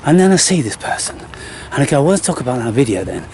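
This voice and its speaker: A man's voice: medium pitch, sing-song, quick pace, a little mellow, a little hiss or hum. A man talking in an unscripted vlog, standing outdoors in a graveyard, rambling and swearing often, with frequent restarts. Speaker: spiritual vlogger.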